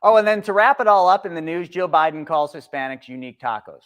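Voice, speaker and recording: A middle-aged man co-hosting a live-stream market show, talking bluntly and sarcastically with animated swings. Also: fairly high pitch, fast, clear, resonant tone. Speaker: co-host.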